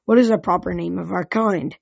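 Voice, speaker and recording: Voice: medium pitch, a little fast, vocal fry, slightly rough, no room sound, highs cut off. A reader doing a stern monster teacher. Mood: lecturing. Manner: lecturing, questioning a class. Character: monster instructor, tall sea-dog creature, stern.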